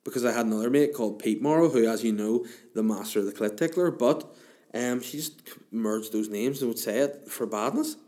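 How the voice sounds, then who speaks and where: A man's voice: medium pitch, fairly quick, mellow. A man in his thirties, hosting a podcast alone in a room, telling a rambling comic story. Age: 30s. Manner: rambling, jokey, self-interrupting. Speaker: podcast host. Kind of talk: casual comedic monologue. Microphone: podcast microphone.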